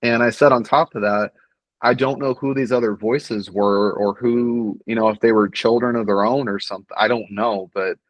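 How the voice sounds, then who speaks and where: Middle-aged male guest, low voice, dry close sound, earnest and reflective talk. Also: no room sound, low-quality recording. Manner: earnest, reflective, many fillers and restarts. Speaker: podcast guest. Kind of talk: casual conversation.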